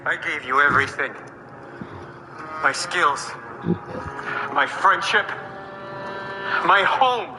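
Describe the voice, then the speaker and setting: An actor playing a grieving dwarf blacksmith, speaking in short, clipped lines. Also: male voice, fairly high pitch, animated, takes it slowly, pauses often. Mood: bitter grief. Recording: game audio with noticeable background noise. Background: noise.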